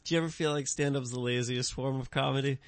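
A man who is a stand-up comedian, chatting on a podcast and making wry, deadpan jokes. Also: mid-range voice, quick pace, no room sound. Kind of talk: casual comedic chat.

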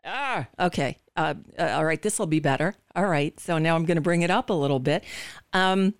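A blunt, indignant woman hosts a political talk stream and swears without hesitation, tripping over her own restarts. Her voice sits low and comes through smooth and resonant. The studio microphone gives it a dry, close sound. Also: moderate pace, no room sound. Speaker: talk show host. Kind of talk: livestream political commentary.

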